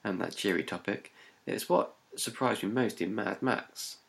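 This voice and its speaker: Very deep gravelly man. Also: moderate pace. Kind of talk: casual chat.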